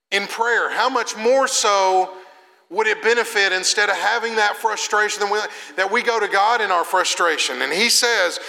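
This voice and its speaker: Casual young male preacher, high bright voice, echoing hall. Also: creaky. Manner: conversational preaching, swings from loud to soft. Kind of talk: sermon. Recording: long reverb of a hall.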